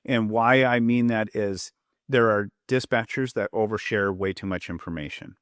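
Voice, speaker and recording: A man's voice: on the low side, normal speed, a bit bright, dry recording, clean studio sound. A man, a public safety trainer and former police officer, explaining points in a podcast interview and acting out quoted lines to show tone, with an Upper Midwest American accent.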